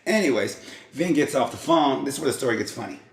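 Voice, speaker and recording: A man telling a rambling, casual story on his vlog, often breaking into acted-out quotes and sound effects. His voice sits at an ordinary middle pitch. The sound bounces around an echoey room. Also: expressive, fast, background noise. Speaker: vlog host.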